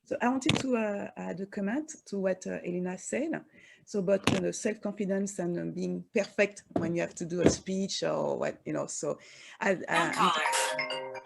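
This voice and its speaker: A French woman speaking English with a strong French accent as a panelist, talking haltingly with many fillers and restarts. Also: on the low side, gravelly, over loud music. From France. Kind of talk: panel discussion.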